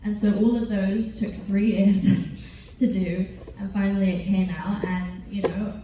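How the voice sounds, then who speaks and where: In a big convention hall, a teen actress with an English accent sits on a panel answering fans' questions, giggling, chatting, and rambling with lots of fillers. Her voice is mid-range and mellow, picked up from far off in the echoey hall with faint noise.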